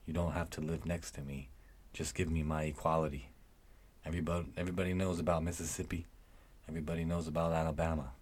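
Husky low-voiced man reading lyrics. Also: flat delivery, quick pace, a little mellow. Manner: declaims with rising intensity.

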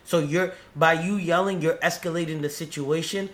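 A man hosting a podcast in casual chat, animated and profane, often restarting his sentences. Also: fairly high pitch, moderate pace. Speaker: podcast host.

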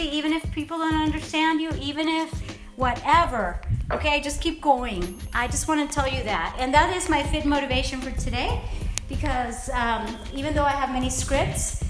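A woman hosting a motivational podcast from home, talking off the cuff in a heartfelt, rambling, earnest way. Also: sits high. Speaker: podcast host. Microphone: podcast microphone.

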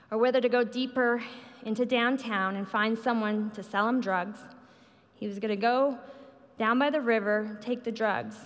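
A woman giving a sermon, telling a personal story in an earnest manner. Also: a bit bright. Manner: earnest storytelling, quotes others with raised pitch. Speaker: preacher. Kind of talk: sermon testimony. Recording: long hall reverb.

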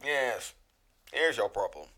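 A man's voice: mid-range voice, sing-song, takes it slowly, heavily acted. A man putting on the voice of a pompous, condescending male therapist who talks down to clients. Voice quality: loud, bossy, dismissive.

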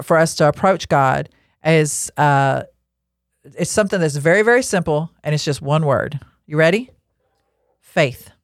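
A middle-aged woman with a slightly low voice, teaching scripture in a chatty, animated way. She keeps her talk loose and conversational, slipping funny personal stories in between verses. The recording is close and dry, with no room sound. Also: no room sound. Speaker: podcast Bible teacher.

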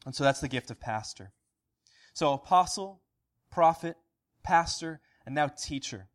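A man's voice: fairly high pitch, expressive, unhurried. A man preaching an earnest sermon as pastor, asking rhetorical questions and restarting phrases now and then. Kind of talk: sermon recap.

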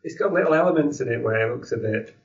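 A man's voice: mid-range voice, animated, fast talker. A man making blunt, short remarks in a casual film chat. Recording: distant, echoey lo-fi mic.

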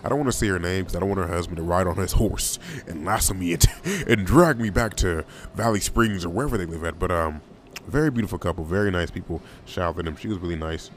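A young man hosts his own podcast alone, talking in a loose and wandering way. His voice sits a bit low, and he leans on slang and repeats phrases as he goes. Faint ambience hums behind the recording. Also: fast talker, a little hiss or hum. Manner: rambling, loose, slangy, often laughs and repeats himself. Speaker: podcast host. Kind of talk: casual solo podcast monologue.

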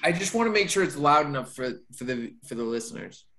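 Cohost dude, lively bouncy voice, a bit high, laughs a lot. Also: male voice, fast. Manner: laughs a lot, eager questions. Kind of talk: casual podcast chat.

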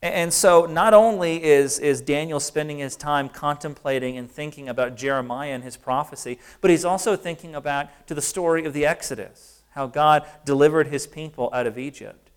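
A man preaches a sermon earnestly and emphatically, slowing down to stress key phrases. His voice sits on the high side with a clean tone.

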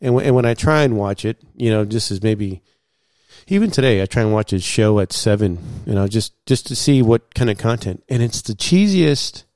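A man guest in casual storytelling, animated, acting out what others said and using many fillers. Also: on the low side, fairly quick, no echo, studio quality. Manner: animated, acts out quoted dialogue, many fillers.

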